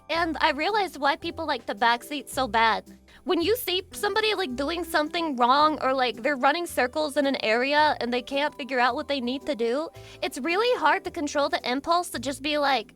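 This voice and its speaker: Excitable, crude young woman streamer. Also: high-pitched, a little fast, faint music behind. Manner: excitable, crude, self-mocking, talks to chat. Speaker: VTuber streamer. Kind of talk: casual livestream chat.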